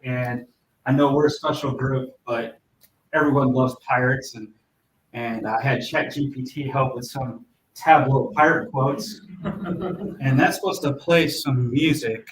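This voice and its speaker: A man's voice: mid-range voice, fairly even intonation, unhurried, distant mic, a little hiss or hum. Man hosting a meetup from across an echoey room. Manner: friendly, self-deprecating, joking. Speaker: user group host. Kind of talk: welcoming a live meetup. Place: meeting room with an audience.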